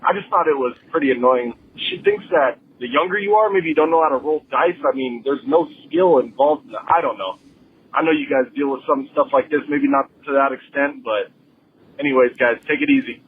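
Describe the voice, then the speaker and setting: A man's voice: medium pitch, brisk, a little hiss or hum. A man calling in from Las Vegas to tell a story about a rude player at a craps table. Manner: storytelling, mimics a rude woman. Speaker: caller. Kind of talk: phoned-in story. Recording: tinny phone line.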